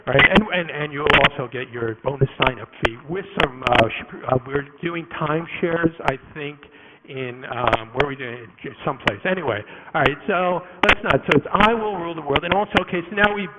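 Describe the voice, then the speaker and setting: A man giving a live conference talk to an audience, animated and jokey, with quick asides and many restarts. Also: fairly high pitch, very noisy. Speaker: conference speaker. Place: conference room before an audience.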